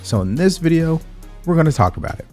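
A man's voice: a little high, big pitch swings, fast talker, music in the background. A man hosting a political commentary channel, speaking emphatically and addressing the viewer directly.

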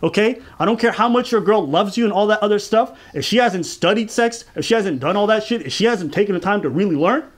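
A man's voice: high-pitched, animated, fast, hardly any pauses. A man hosting a casual reaction commentary, blunt, crude and mocking, laughing often as he talks. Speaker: reaction channel host.

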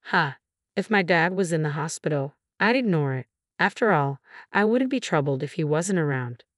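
A woman's voice: low voice, animated, normal speed, no room sound, studio quality. A woman reading a cold, dismissive husband. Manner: curt, dismissive. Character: cold controlling husband, middle-aged man.

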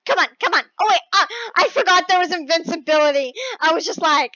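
A young girl talking through an obstacle-course game she is playing, excitable, often shrieking when she fails and pleading with her viewers for help. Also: extremely high pitch, fast, no echo, muffled recording. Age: child. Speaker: gaming video creator. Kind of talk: casual gameplay commentary.

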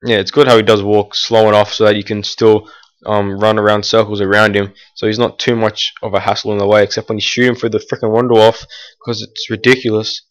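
A man's voice: fairly low pitch, little pitch movement, brisk. A teenage boy casually commenting on his gameplay, rambling with fillers and restarts and breaking into annoyed outbursts. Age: teens. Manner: erupts in annoyed outbursts at the game.

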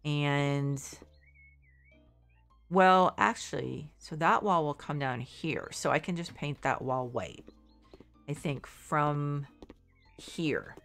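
A woman's voice: deep voice, takes it slowly, creaky, pauses often, a bit bright, faint music behind. A congested middle-aged woman chatting casually while streaming a game, rambling and second-guessing herself. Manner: rambling, self-doubting, restarts often. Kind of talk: casual gameplay commentary.

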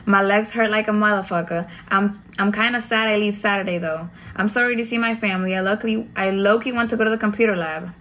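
A young woman from the United States tells her story like a chat with friends, blunt and full of slang and swearing. Her voice sits at a middle pitch. A faint hum of ambience stays under her voice. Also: fairly even intonation, fast talker, few pauses, fairly bright tone. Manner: slangy, profane, candid. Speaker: vlogger recounting Navy boot camp. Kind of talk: casual storytime vlog.

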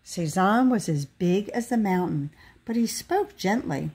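Woman reading a kids picture book out loud, super lively ups and downs. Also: mid-range voice, measured pace, husky. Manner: expressive, storybook pacing. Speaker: storyteller. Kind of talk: children's picture book read-aloud.

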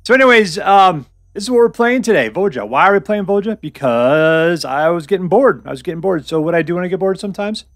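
Male game host, lively and jokey, slightly high voice, dry close mic, faint music underneath. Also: fairly quick, few pauses, no echo. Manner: goofy, jokey, hype-y, puts on silly voices. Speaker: host of a card game channel. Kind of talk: playful gameplay commentary.

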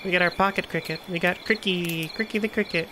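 A woman's voice: lowish voice, fairly even intonation, fast talker, noisy background. A woman giving let's play commentary on a horror game, chatty and jumpy with frequent laughter. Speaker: gaming streamer.

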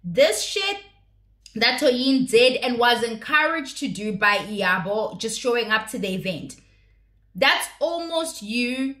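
Blunt, high-voiced woman in an echoey room. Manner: blunt, profane and opinionated. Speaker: reality TV recap commentator. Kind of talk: casual recap commentary.

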